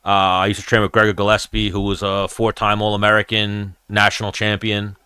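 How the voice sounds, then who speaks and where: A man hosting a casual live-stream fight chat, telling animated, profane stories about brawls he has been in and reacting to viewer comments. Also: lowish voice, a little fast, clean tone, dry recording, clean studio sound.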